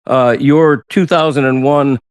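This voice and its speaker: Male radio host, mid-pitched, earnest interviewer, dry close mic. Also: steady tone, a little slow, clean tone, no echo. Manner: earnest, complimentary. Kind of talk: radio talk show interview.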